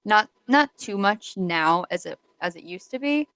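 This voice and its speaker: A woman's voice: medium pitch, lively intonation, a little slow, a bit bright, smooth, no echo, rough recording. A young woman co-hosting a podcast, chatting casually with a rambling, giggly manner and many fillers. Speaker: podcast co-host. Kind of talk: casual chat.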